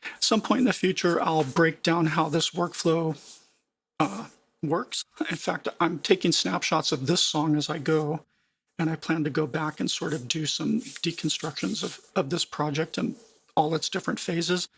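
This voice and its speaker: A man's voice: fairly high pitch, steady tone, moderate pace, gravelly, fairly bright tone, husky. A man giving a screen-share music production tutorial, conversational and emphatic, with frequent fillers and restarts.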